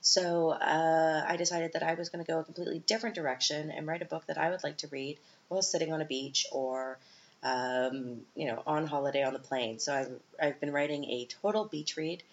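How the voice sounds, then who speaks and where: A woman's voice: deep voice, steady tone, brisk, highs cut off. A woman in her thirties hosting a casual solo podcast, chatty and self-mocking, with frequent fillers and restarts. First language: English. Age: 30s. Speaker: podcast host.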